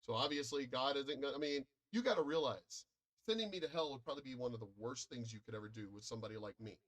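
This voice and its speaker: A man's voice: medium pitch, fast talker, fairly bright tone. An American man in a profane, combative and boastful ranting monologue, commenting online. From United States.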